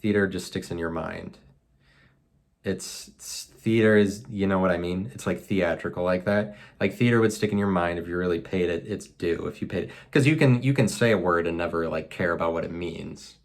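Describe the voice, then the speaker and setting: A man's voice: deep voice, moderate pace. A man hosting a solo podcast from his apartment, musing aloud in a rambling, self-mocking way full of fillers. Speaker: podcast host. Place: apartment room.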